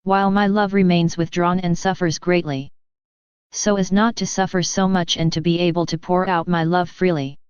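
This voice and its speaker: Smooth low-voiced woman reading devotions. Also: a little mellow, dry recording. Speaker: reader. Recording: slightly dull lo-fi recording.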